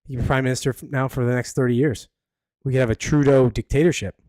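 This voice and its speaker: Rambling podcast host. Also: male voice, mid-range voice, fairly even intonation, fast talker, darkish tone, no echo, clean studio sound. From Canada. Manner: rambling, blunt, many fillers. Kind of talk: casual solo commentary.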